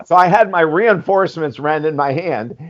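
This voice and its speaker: Animated man in his sixties, telling stories. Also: on the high side, moderate pace, muffled recording. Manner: animated, acts out quoted dialogue, frequent "you know", casual swearing. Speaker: podcast guest, life coach. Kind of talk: candid storytelling interview.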